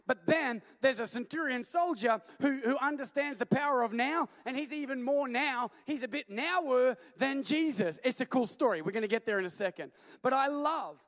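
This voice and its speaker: A man preaching a sermon as a pastor, telling stories animatedly and at times rising to a shout. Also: very high voice, moderate pace, few pauses, in a large hall.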